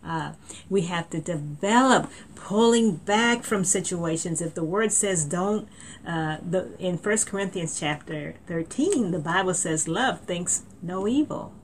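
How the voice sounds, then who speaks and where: A woman's voice: on the low side, a little slow, slight background noise. A woman preaching a sermon in an earnest tone, often repeating words and reading scripture aloud.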